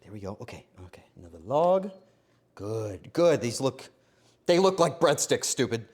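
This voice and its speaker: A male streamer chatting through a baking session in his home kitchen, cracking self-deprecating jokes as he works. His voice is middle-pitched and very animated, darting from low mutters up to excited outbursts. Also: moderate pace. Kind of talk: casual live-stream commentary while baking.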